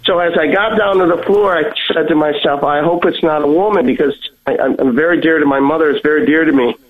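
A man on a tinny phone line tells a personal story, his voice a touch high. He talks earnestly and often stumbles and repeats his words. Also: quick pace. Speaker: guest sharing a testimony.

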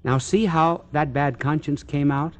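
A man giving recorded Catholic religious instruction in a dramatic, declamatory way, with long pauses between phrases. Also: a little high, steady tone, a little mellow.

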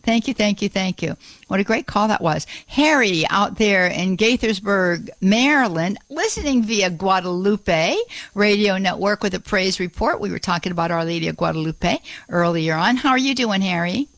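A woman's voice: mid-range voice, moderate pace, fairly bright tone, no echo. Effusive woman hosting religious radio. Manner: effusive, repeats words of praise. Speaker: radio host. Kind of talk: religious call-in radio talk.

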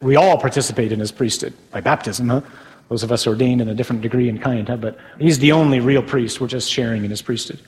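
A man's voice: medium pitch, fast talker, a little mellow, long reverb tail, low-quality recording. A man, a Catholic priest, preaching a sermon in a conversational way with tag questions.

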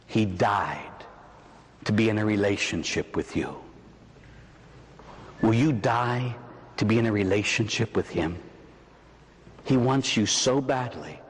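Pittsburgh priest, conversational preacher, lively sweeping pitch, long church reverb. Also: male voice. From Pittsburgh, USA. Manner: slows and drops low for emphasis, then rises; conversational, tags "huh?" and "right?". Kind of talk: evening sermon with personal stories.

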